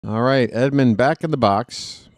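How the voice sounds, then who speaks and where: A man calling live baseball play-by-play for fans, excitable and jokey, talking straight to his listeners. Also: mid-range voice, measured pace, no room sound, studio quality. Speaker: fan play-by-play commentator.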